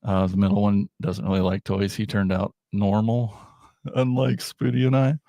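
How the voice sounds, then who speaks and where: A man's voice: on the low side, little pitch movement, moderate pace, gravelly, dark tone, dry recording. Rambling man hosting a toy unboxing stream. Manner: rambling, self-deprecating, jokey. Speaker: toy podcast host. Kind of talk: casual livestream chat.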